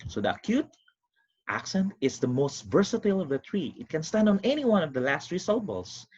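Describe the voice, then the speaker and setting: A man teaching a recorded online lesson, explaining step by step with quick recaps in an animated, sing-song way. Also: on the high side, a little hiss or hum. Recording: dull lo-fi recording.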